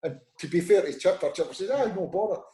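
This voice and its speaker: A middle-aged Scottish man spins lively anecdotes, slipping into the voices of people he quotes. His voice sits a little high but sounds dark and mellow. The room around him lends a noticeable echo. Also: quick pace, a little hiss or hum. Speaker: former football manager, guest. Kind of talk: conversational storytelling. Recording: roomy echo.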